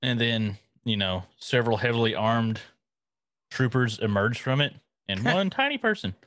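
A man's voice: medium pitch, animated, normal speed, fairly bright tone, no echo. A man co-hosting a podcast, chatting casually and tossing in wry, dry quips. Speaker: podcast co-host. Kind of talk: casual chat.

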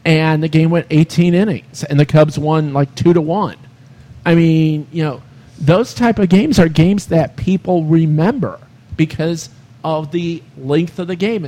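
A man's voice: a little high, a little mellow. A man hosting a casual sports podcast, rambling through long baseball stories full of "you know" and "I mean".

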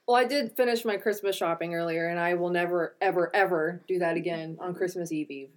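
A woman co-hosting a podcast, chatting casually and telling a true crime story, joking and swearing, often clearing her throat. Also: on the low side, steady tone, brisk. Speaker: podcast co-host.

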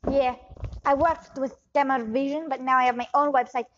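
A woman's voice: sits high, fairly even intonation, moderate pace, muffled recording, lightly acted. A woman improvising a shady scam doctor with wandering accents. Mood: rambling. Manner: rambling, hesitant, slips in and out of put-on accents. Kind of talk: improv comedy scene.

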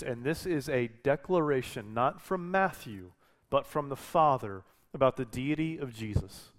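A man's voice: medium pitch, a little slow. A man preaching a sermon as a pastor, talking in a conversational way with frequent restarts and self-corrections.

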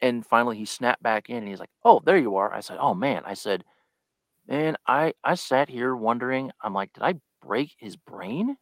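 A man's voice: medium pitch, expressive, normal speed, dry recording. A man chatting as a guest on a live podcast, telling a story and acting out the lines he quotes. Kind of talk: casual live podcast chat.

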